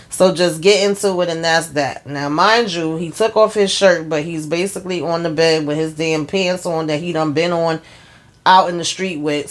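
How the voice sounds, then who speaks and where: A woman casually recapping a TV episode scene by scene, in loose, chatty storytelling with wry asides. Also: low-pitched. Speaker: show recap vlogger.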